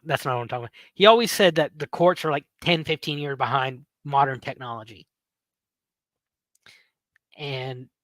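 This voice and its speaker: A man in his thirties, a podcast host, telling a story in a casual, animated way, swearing and laughing as he goes. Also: fairly high pitch, dry recording. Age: 30s.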